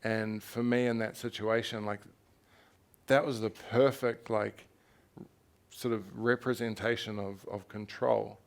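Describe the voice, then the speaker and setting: A measured pace and fairly even intonation mark this young New Zealand man's gravelly, low-side voice. As an author at a festival talk, he chats candidly and live on stage, telling his story animatedly and frankly, with laughs and the odd curse.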